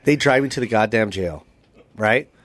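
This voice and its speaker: A man co-hosting a podcast, telling a story in casual chat with lots of profanity, swinging from loud bursts to hushed asides. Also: on the low side, moderate pace. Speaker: podcast co-host.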